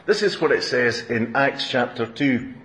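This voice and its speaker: A man preaching a sermon, reading scripture in an animated storytelling way with playful asides. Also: medium pitch, unhurried. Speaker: minister. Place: church. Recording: roomy echoing church.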